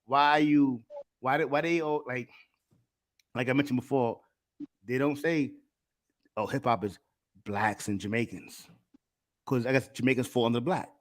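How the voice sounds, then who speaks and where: Casting: male stream host, easygoing and slangy, mid-pitched, quick to laugh. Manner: laid-back, slangy, laughs easily. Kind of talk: casual chat.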